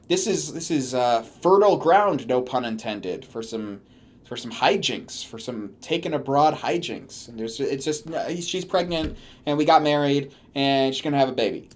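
A commentary host reads along with a story and mocks it in sarcastic, swearing rants for comedic effect. His medium-pitched voice has lively intonation and moves at normal speed.

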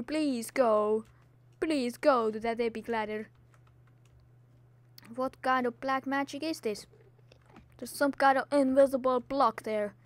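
Woman game host, slow-spoken, dramatic acted delivery, dry close sound. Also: a little high, no echo. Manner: theatrical, exaggerated, scolding game enemies; dramatic put-on recording voice. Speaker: gaming video host. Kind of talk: Minecraft let's play commentary.

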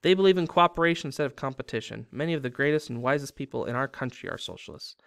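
A man playing a fiery gray-haired woman activist, indignant, smooth dry voice. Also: medium pitch, very fast, dry recording. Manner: indignant, forceful.

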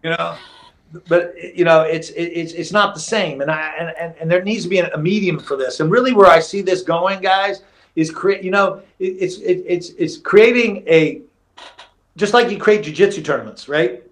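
A middle-aged man with a slightly high voice tells fight stories as a podcast guest. He talks in an animated way, laughs through his anecdotes and often restarts his sentences, keeping it loose and casual. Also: normal speed. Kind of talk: casual storytelling interview.

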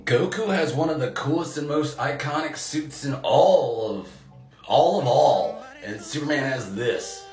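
A man's voice: medium pitch, animated, unhurried, a little mellow, soft background music. Profane rambling man riffing on cartoons. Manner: profane, rambling, acts out characters' lines. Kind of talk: casual comedic rant.

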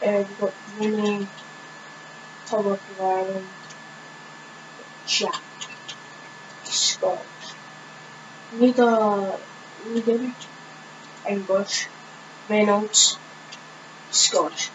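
A woman giving casual gameplay commentary on her own channel, thinking aloud in a hesitant way with many pauses and fillers. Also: mid-range voice, steady tone, muffled recording, background noise. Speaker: gaming channel host.

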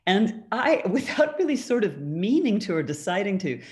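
A woman's voice: mid-range voice, big pitch swings, normal speed, a little mellow. A woman speaks over a video call in a mid-range voice. She answers an audience question in a loose, reflective way. Her talk is full of "um" and "kind of," with small light laughs between phrases.

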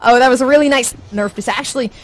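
A woman's voice: high-pitched, fast talker. A woman casting an esports match live, often stammering and repeating her words. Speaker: esports caster. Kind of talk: live play-by-play commentary. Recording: clear background noise.

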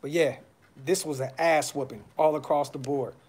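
A man's voice: fairly high pitch, fairly even intonation, moderate pace, a little mellow. A man hosting a fan podcast, talking casually on a live stream with frustration, blunt slang and lots of repeats. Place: brother's house.

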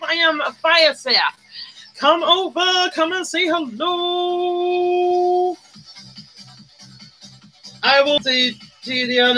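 A woman chats her way through a makeup live stream in a high, bright voice. She greets viewers one after another, squeals with delight and hums to herself. Soft music plays faintly in the background. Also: rough recording. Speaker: livestream host. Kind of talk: chatty live-stream commentary while doing makeup. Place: indoors at home, live streaming.

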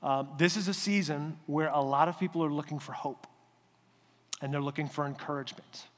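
A man's voice: a little high, fairly quick. Man preaching in an echoing church. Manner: conversational, animated storytelling. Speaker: pastor. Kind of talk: sermon. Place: church sanctuary.

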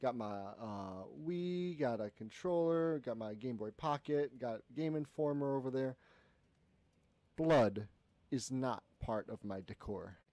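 A man's voice: mid-range voice, a little slow, dry recording. A young man streaming a horror game, commenting with jokes, yelps and laughs. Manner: animated, jokey, frequent yelps and laughter.

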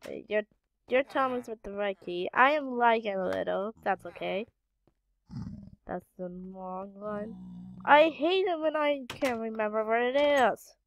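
A woman's voice: a little high, expressive, measured pace, slight background noise. A woman hosting a gaming channel, giving casual gameplay commentary and muttering to herself while she searches, with frequent exclamations.

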